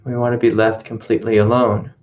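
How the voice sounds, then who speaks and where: A male spiritual teacher gives a reflective teaching talk, telling a story and circling back over his own phrases. His voice is very flat and even in pitch. The audio is muffled and lo-fi, like an old webcast. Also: a little fast.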